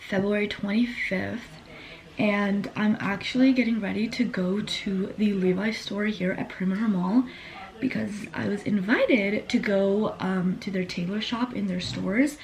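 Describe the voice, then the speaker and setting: A woman's voice: medium pitch, darkish tone. Chatty young woman with a morning voice. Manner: chatty, filler-heavy with frequent "like" and "literally". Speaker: lifestyle vlogger. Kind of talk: casual vlog chat to camera. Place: at home, bedroom. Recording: noisy home recording.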